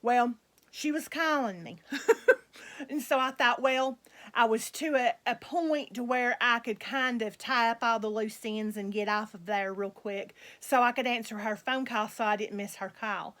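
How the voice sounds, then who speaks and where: Soft-spoken woman gushing over dolls. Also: a little high, a little slow. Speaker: reborn doll collector and channel host. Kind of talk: casual chat to viewers.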